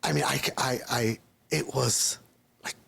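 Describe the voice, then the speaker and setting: A man's voice: mid-range voice, fairly even intonation, unhurried, creaky, fairly bright tone, husky. A man being interviewed as a guest, telling a personal testimony in a rambling, casual way and acting out the voices of people he quotes.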